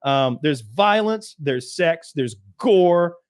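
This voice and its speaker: A man co-hosting a podcast, chatting casually and profanely, acting out scenes in quick put-on voices. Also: on the high side, animated, dry recording, studio quality. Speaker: podcast co-host. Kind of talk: casual chat.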